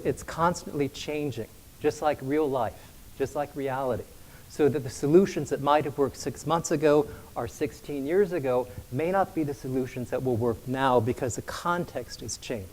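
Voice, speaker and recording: A man's voice: on the high side, poor audio. A man giving a stage presentation with slides, telling stories to his audience. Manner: storytelling, asks for next slide. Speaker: conference presenter.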